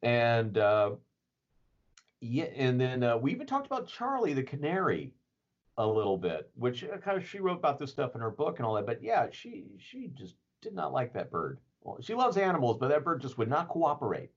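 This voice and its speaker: A man's voice: medium pitch, wildly swooping pitch, moderate pace, slightly rough. A man telling a story in a casual, rambling way, with lots of fillers and chuckles. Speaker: podcast guest telling a story. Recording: dull lo-fi recording.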